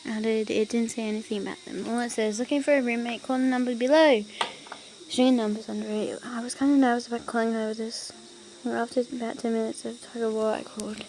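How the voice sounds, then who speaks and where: A woman's voice: a little high, normal speed, a little mellow, a little hiss or hum, rough recording. A woman casually reading online stories aloud, giggling often and breaking off into chatty asides. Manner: giggly, breaks off to laugh and ramble.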